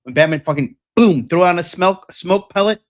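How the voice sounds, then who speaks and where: A man's voice: high voice, lively intonation, normal speed. A young man hosting a livestream, talking bluntly and profanely in a rambling way with lots of fillers. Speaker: dating coach host. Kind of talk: livestream rant.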